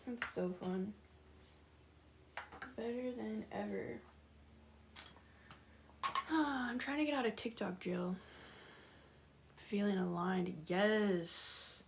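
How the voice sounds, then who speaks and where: A woman's voice: medium pitch, slow pace, long pauses, noisy background. A woman chatting casually with viewers on a livestream, laughing often and greeting them by name.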